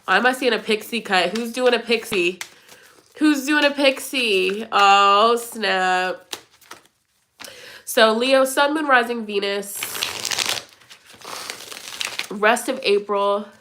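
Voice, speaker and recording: A woman's voice: fairly high pitch, takes it slowly, sharp tone, slight background noise. Slangy, chatty young woman tarot reader. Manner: chatty, slangy and playful, laughs often. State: congested. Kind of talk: casual tarot reading to viewers.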